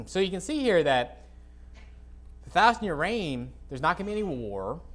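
A man preaching an informal sermon to a congregation, reading scripture and adding blunt, dismissive asides while often clearing his dry throat. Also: sits high, sing-song, moderate pace, a bit bright. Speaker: pastor. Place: church sanctuary, speaking to a congregation.

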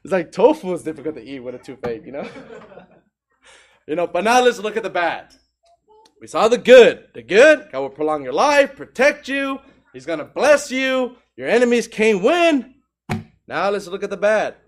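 High-voiced man preaching emphatically. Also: very animated, normal speed. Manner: emphatic, throws rhetorical questions at the congregation. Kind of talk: sermon.

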